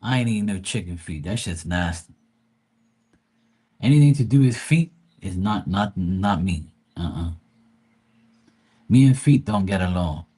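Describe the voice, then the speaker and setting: A middle-aged man tells family stories on a livestream in a loose, profane, rambling way. His voice sits a little low and has a husky edge. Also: a little mellow. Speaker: livestream host. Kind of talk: casual storytelling on a livestream.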